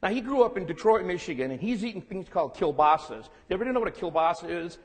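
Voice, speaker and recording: A man's voice: sits high, lively intonation, fast. Self-deprecating man lecturing in a reverberant room. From California, United States. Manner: candid, self-deprecating, humorous. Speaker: guest lecturer. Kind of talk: public lecture with storytelling.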